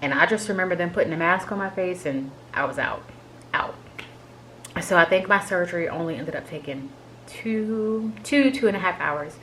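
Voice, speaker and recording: A woman with a notably deep voice for her sex, talking straight to camera as she tells a personal story. She rambles casually, leaning on "like" as filler, and sounds open and candid. A faint hiss of noise sits under her voice. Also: normal speed, fairly bright tone, rough recording. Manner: chatty, filler-heavy with frequent "like"; candid and emotional recounting. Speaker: vlogger sharing a health update.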